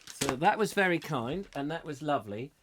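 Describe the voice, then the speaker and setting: A man's voice: on the high side, expressive, moderate pace, a bit bright, a little hiss or hum. A middle-aged man hosting a comic live chat show, rambling playfully and breaking into silly voices and sung sound effects.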